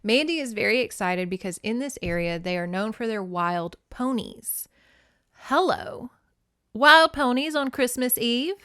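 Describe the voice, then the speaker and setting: A woman's voice: on the high side, expressive, moderate pace, hardly any pauses, sharp tone, clear, resonant tone, dry recording, studio quality. A woman hosting a podcast, chatting casually with laughs and the odd swear word while summarizing and reading from a novel. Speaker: podcast host. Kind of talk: casual chat and read-aloud.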